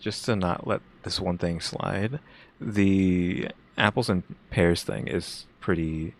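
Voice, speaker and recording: Low gravelly man musing on a reaction show. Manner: halting, thinks aloud with restarts. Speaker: reaction co-host. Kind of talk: casual reaction commentary.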